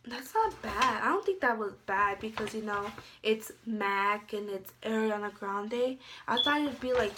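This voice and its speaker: A woman's voice: fairly high pitch, noisy background. A young woman chatting casually in a beauty haul video, rambling with lots of filler words. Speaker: beauty vlogger.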